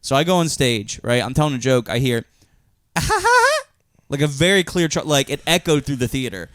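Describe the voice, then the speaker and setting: A man's voice: medium pitch, fast, fairly bright tone, no room sound. A young adult man co-hosting a podcast, telling rambling, profane stories and laughing often. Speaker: podcast co-host, comedian. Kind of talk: casual chat.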